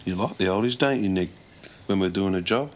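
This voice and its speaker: An actor playing an uneasy young criminal accomplice. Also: male voice, deep voice, a little fast, a little hiss or hum, close to an everyday voice.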